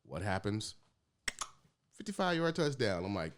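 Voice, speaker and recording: Low-voiced man in animated sports chat. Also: a little fast, background noise. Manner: animated, swears freely, laughs. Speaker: podcast co-host.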